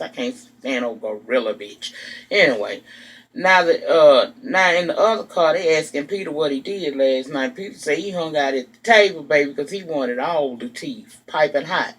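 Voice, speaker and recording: Guy with a kinda high voice doing a messy reality tv recap, lots of cussing and attitude. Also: a bit bright. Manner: sassy, profane, gossipy storytelling; acts out quotes of the people he recaps. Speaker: TV recap vlogger. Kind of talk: casual reality-show recap.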